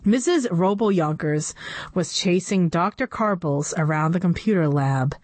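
A woman reading a children's chapter book aloud with expressive storytelling. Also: fairly low pitch, a little slow, no room sound.

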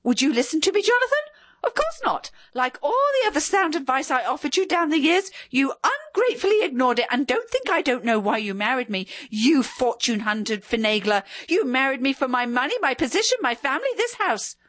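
A woman voicing a wealthy ghost wife who scolds her husband in a shrill, piercing, high-pitched voice, triumphant and never pausing. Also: sing-song, fairly bright tone, no room sound. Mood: shrill accusing. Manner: scolding, triumphant, nonstop chatter.

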